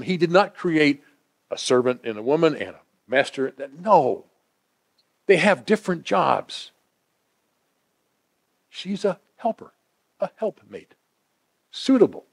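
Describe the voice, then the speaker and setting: A man preaching a sermon, swinging from emphatic declarations to hushed, intimate asides. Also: high-pitched.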